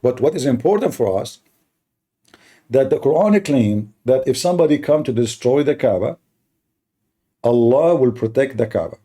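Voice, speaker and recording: A man hosting a heated live-stream debate, mocking and combative, speaking as a with halting restarts. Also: medium pitch, lively intonation, mellow. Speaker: livestream debate host.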